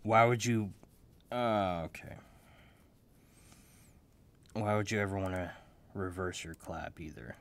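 A young man making a beat in his office, joking at himself, loud one moment and mumbling the next, still waking up. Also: low voice, fairly even intonation, slow, pauses often, slight background noise. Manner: joking, self-mocking, swings between loud and mumbled. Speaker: music producer. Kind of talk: casual talk while making a beat. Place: home office.

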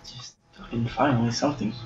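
A man's voice: mid-range voice, fairly even intonation, fairly quick, dull audio, over loud music. Trash-talking gamer guy. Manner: trash-talking, laughs at himself, swears. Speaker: gamer streaming a match. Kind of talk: casual gaming commentary.

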